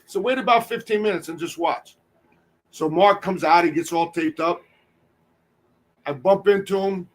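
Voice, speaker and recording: Brief: high-pitched male podcast host, animated storyteller, swears freely, does voices for the people in his tale. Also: moderate pace, pauses often. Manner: animated, profane, acts out quotes. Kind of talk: casual storytelling.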